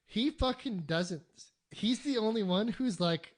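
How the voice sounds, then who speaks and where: A casual podcast co-host who rambles and swears freely. Their mid-pitched voice stays conversational and slips into brief mock voices for the characters. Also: expressive, measured pace.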